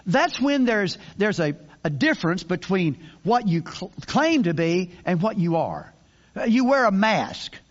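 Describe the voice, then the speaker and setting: A man's voice: high-pitched, sing-song, measured pace, highs cut off. An older man preaching a sermon in a folksy, conversational way, with many restarts and asides. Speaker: pastor.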